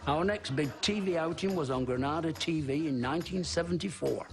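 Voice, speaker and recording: A man's voice: on the high side, fairly quick, faint music behind. Wry man narrating. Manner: plain, wry storytelling. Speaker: comedian narrating his career. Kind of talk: documentary narration.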